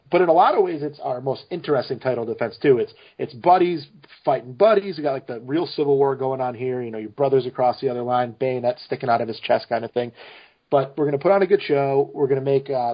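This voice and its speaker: A man's voice: medium pitch, breathy edge. A man talking as a guest on a podcast, in loose, joking chat with a lot of swearing. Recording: muffled lo-fi podcast audio.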